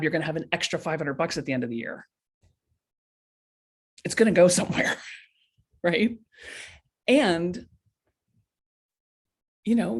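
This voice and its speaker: A woman hosting a live coaching stream, talking bluntly and casually to viewers and acting out the voices in their heads. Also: fairly low pitch. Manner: lively, blunt, talks straight to viewers, acts out inner voices. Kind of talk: casual motivational talk. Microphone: webcam or laptop mic for a live stream.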